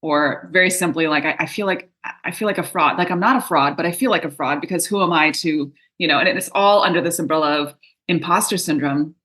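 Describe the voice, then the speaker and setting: A woman's voice: deep voice, fairly quick, a bit bright. A woman business coach, a guest on an interview show, telling earnest stories with frequent fillers. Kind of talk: conversational interview.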